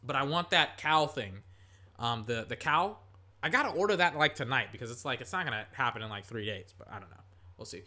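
A young man from Texas rambling casually, full of filler words, breaking into excited play-by-play as he watches football. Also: mid-range voice, fairly quick. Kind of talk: casual rambling chat while calling a football game.

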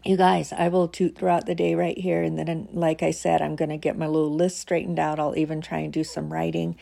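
A woman's voice: sits low, flat delivery, brisk, gravelly, warm tone. A woman giving a casual, earnest devotional talk to listeners, emotional and teary, with many fillers and frequent laughter. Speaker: faith podcaster.

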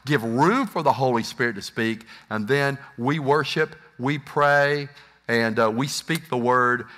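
A man's voice: medium pitch, a bit bright. A middle-aged man preaching a sermon as pastor, acting out uncertain inner voices for the congregation.

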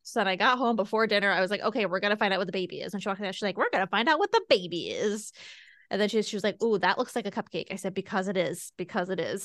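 A woman's voice: medium pitch, fairly bright tone, no echo, clean studio sound. A woman in her thirties, co-hosting a podcast, telling a personal story in a chatty way full of "like". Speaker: podcast co-host. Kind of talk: casual chat.

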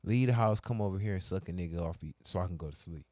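Low-voiced man, dry close sound. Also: quick pace, no echo. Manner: animated, profane, acts out both sides of conversations. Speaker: podcast co-host telling stories. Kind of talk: casual crude storytelling.

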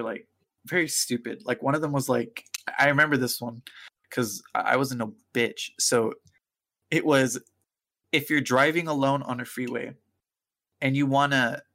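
Young male podcast co-host, animated storyteller who plays every part. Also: mid-range voice, unhurried, long pauses. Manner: animated storyteller acting out quoted voices, laughing often. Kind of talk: casual chat, storytelling.

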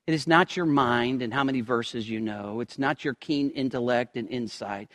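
A man preaching a sermon, moving from quiet low asides to loud, impassioned quoted prayers. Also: big-room sound. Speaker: pastor.

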